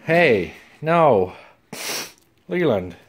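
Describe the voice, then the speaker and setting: A woman's voice: very deep voice, very animated, extremely slow. A woman hosting a casual family vlog, chatting with and scolding her kids. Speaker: vlog host and mother. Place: home, then inside a moving car. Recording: camera audio with clear background noise.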